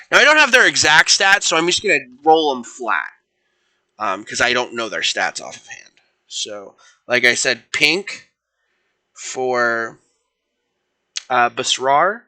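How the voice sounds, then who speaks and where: Young guy on a home stream telling his dnd fanfic, really bright voice, lots of ums and restarts. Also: medium pitch, lively intonation, slow pace, pauses often, poor audio. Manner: rambling, with fillers and self-corrections; voices figures without putting on accents. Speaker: storyteller streaming fan fiction. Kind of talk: casual live stream narration.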